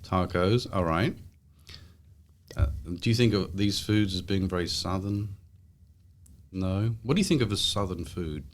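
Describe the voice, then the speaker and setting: An Englishman hosting a casual interview with his young daughter, asking gentle, coaxing questions in an English accent. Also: sits low, a little slow, long pauses. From England.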